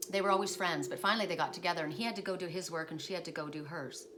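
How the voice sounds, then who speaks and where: A woman speaking in a slightly low voice tells a spiritual story at home in a loose, wandering way, often doubling back to fix her own words. A steady hiss of background noise runs underneath. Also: very fast. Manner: rambling, self-correcting, digressive. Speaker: oracle card reader.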